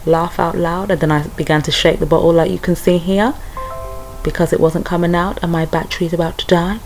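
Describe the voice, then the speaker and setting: A woman's voice: fairly low pitch, flat delivery, quick pace, darkish tone, soft background music, low-quality recording. A young British woman chatting through a hair care tutorial, talking straight to her viewers. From United Kingdom. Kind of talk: casual tutorial.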